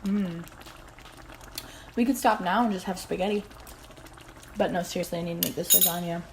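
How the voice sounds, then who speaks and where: A woman's voice: on the low side, normal speed, darkish tone, slight background noise. A woman hosting a casual home cooking vlog in her kitchen, chatty and rambling, with self-deprecating asides. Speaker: cooking vlogger.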